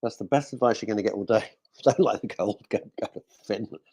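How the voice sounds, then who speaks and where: A man's voice: fairly low pitch, fast, gravelly, a little mellow, slightly rough. A male radio host chatting casually in a studio, cracking jokes and reading out listener messages. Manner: jokey, rambling, talks to himself.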